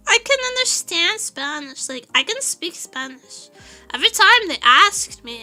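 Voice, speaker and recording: A woman's voice: very high voice, extremely slow, pauses often, soft background music. A young woman streamer chatting casually and telling stories, laughing often. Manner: laughs often, animated storytelling. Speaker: vtuber streamer. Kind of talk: casual chat.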